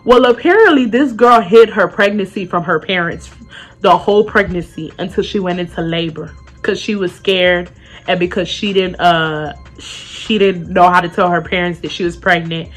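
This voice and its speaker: A young woman telling a casual, profane storytime, loudly acting out what people said. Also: fairly low pitch, moderate pace, faint music behind. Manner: animated, profane, acts out quotes loudly.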